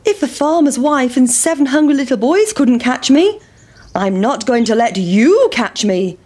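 A woman voicing a cheeky, boastful runaway pancake in a children's storybook reading, squeaky and teasing. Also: big pitch swings, a little slow, darkish tone, full character voice.

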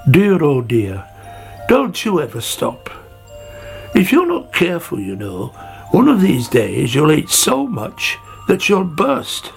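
A man's voice: on the high side, huge pitch swings, slow, vocal fry, faint music behind, pitched above the performer's own voice, exaggerated voice. A man voicing a weary, disapproving old male snail in a storybook, sighing and lecturing.

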